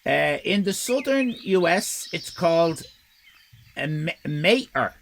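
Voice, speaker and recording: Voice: mid-range voice, animated, measured pace, fairly bright tone, slight background noise. An Irish live-stream host chatting casually with viewers, rambling and swearing in mock outrage. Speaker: livestream host.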